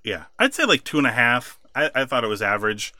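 A man's voice: medium pitch, big pitch swings, fast, pushed and bright, dry recording. A man co-hosting a podcast, animatedly recapping a wrestling show in casual chat and laughing often. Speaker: podcast co-host.

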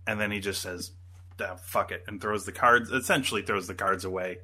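A podcast co-host with a fairly low voice talks briskly, his tone bright and forceful. He chats casually and rambles, full of fillers and restarts.

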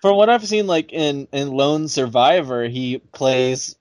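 A man co-hosting a podcast in casual chat, explaining his views in a measured way. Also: mid-range voice, no echo.

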